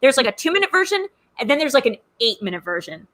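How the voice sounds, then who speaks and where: A woman co-hosting a podcast in loose, easy chat. Her voice is bright and clear, pitched a little high. She talks in an animated way and fills her sentences with filler words. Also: quick pace. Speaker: podcast co-host. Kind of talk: casual chat.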